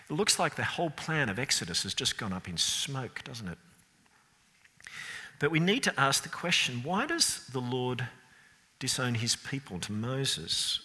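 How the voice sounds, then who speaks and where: A man preaching a sermon, expressive and building to emphatic peaks. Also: mid-range voice. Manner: expressive, rising emphatic delivery. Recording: long reverb of a large hall.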